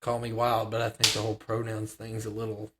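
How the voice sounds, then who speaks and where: A man's voice: fairly low pitch, monotone, a little fast, noisy background. A man co-hosting a casual podcast chat, rambling and hedging with many restarts. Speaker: podcast co-host.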